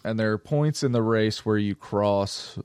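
A man casually telling a story in animated, profane chat with friends. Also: lowish voice, a little slow, clear, resonant tone, dry recording. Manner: animated, profane storyteller who acts out quotes.

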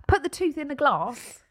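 British woman, podcast co-host, casual storytelling, swears a lot, higher voice. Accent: British English. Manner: animated storyteller, swears freely. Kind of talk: casual chat.

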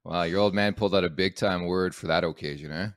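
A man's voice: low-pitched, fairly even intonation, quick pace, no room sound, clean studio sound. A man hosting a sports podcast who teases his guest in a playful, chatty way. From Canada. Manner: playful, teasing interviewer. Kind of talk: casual chat.

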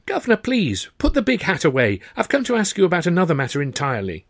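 A man's voice: on the high side, wildly swooping pitch, quick pace, clean studio sound, pitched above the performer's own voice, full character voice. A man putting on an anxious, pleading young music-hall performer. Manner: eager, wheedling, stammering.

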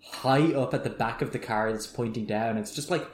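A man's voice: mid-range voice, normal speed. A man co-hosting a podcast in casual chat, rambling and filling his talk with fillers. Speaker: podcast co-host. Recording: echoey room.

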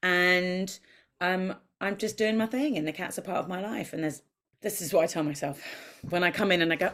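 A woman guest on a podcast, chatting and telling lively anecdotes, acting out what she and others said. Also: lowish voice, fairly quick. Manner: animated storyteller who acts out voices and quotes.

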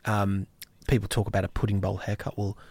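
A man's voice: fairly low pitch, monotone, fairly quick, a little mellow. A man hosting a radio music show, talking in an easygoing, hedging way about records and their labels. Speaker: radio host. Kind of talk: casual on-air banter about records.

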